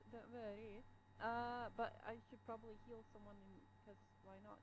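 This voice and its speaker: A woman's voice: medium pitch, flat delivery, normal speed, a little hiss or hum, rough recording. A woman playing in a tabletop game, hesitant and unsure about her move. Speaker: player. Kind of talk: casual game chat.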